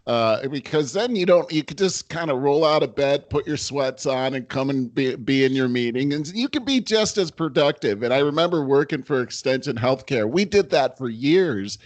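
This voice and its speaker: A man's voice: medium pitch, lively intonation, moderate pace, hardly any pauses, no room sound. A middle-aged man co-hosting a podcast, telling anecdotes in casual chat and chuckling through his stories. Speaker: podcast co-host. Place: home in Los Angeles.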